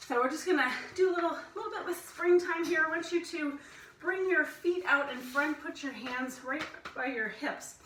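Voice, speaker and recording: A woman's voice: a little high, pushed and bright, reverberant, distant mic, a little hiss or hum, rough recording. A woman instructor guiding a family yoga class, playfully cueing breaths and inviting animal sounds.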